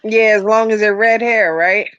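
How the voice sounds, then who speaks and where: A woman co-hosting a casual chat, talking slowly and playfully. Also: mid-range voice, fairly even intonation, fairly bright tone. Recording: dull lo-fi dry audio.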